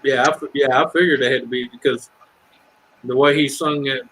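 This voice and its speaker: Middle-aged man, Southern US accent, husky, casual rambling livestream chatter. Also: mid-range voice, steady tone, brisk, fairly bright tone, poor audio. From Ohio. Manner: rambling, swears freely, breaks into singing lines. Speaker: livestream chat guest. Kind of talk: casual chat.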